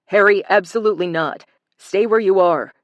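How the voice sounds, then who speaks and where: A steady young man, read by the audiobook narrator, giving short, firm orders. His voice is close and dry, with little room sound. He sounds protective and in control. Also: high voice, moderate pace, dry recording, dull audio, close to an everyday voice.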